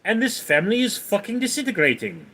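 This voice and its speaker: A man voicing Stewie, a snooty scheming cartoon baby boy, with a fast clipped delivery. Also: high voice, huge pitch swings, pushed and bright, husky, voice pushed up, exaggerated voice. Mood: exasperated.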